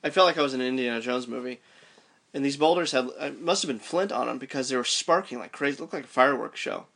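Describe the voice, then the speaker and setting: A man casually recounting an underground climb to his companions as an animated storyteller. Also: mid-range voice, fast talker, vocal fry. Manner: animated storyteller, shouts in quoted lines.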